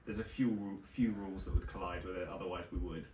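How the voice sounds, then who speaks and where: A man's voice: low-pitched, fairly even intonation, quick pace, a little mellow. A man narrating as game master, loosely describing the action with frequent restarts. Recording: roomy distant mic, faint noise.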